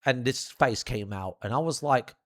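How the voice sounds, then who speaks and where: A young man telling a funny childhood anecdote in an animated, profane, theatrical way. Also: medium pitch, normal speed. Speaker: storyteller. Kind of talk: comedic anecdote.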